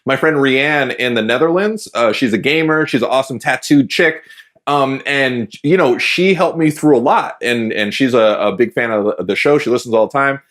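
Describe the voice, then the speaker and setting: A man's voice: mid-range voice, normal speed, a bit bright. A man hosting a podcast in casual chat, laughing often and stammering on restarts. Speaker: podcast host.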